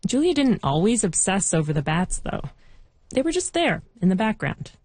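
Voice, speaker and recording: A woman reporter giving measured, clearly scripted documentary narration. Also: mid-range voice, sing-song, a little mellow, no room sound, low-quality recording. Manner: measured, clear storytelling delivery.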